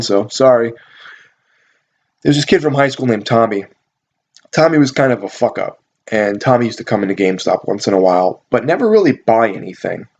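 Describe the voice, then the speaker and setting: A man's voice: fairly low pitch, a little mellow. A man hosting a casual storytelling vlog, rambling and swearing in an offhand way. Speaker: channel host. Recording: dull lo-fi recording.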